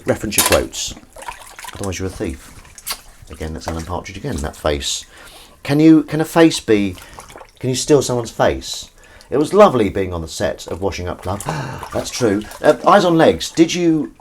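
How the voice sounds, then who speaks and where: A man's voice: fairly low pitch, big pitch swings, normal speed, slight background noise. A man hosting a casual live stream from his kitchen sink, rambling and chatting with his viewers. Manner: rambling, chatty, reads out and answers chat. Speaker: livestream host.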